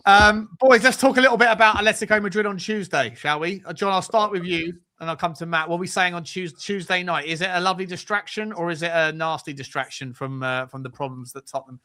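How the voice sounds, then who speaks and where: A man hosts a football chat show. His voice sits a little high and sounds bright and forceful. He talks in quick, animated bursts of banter and often doubles back on his words. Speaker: podcast host.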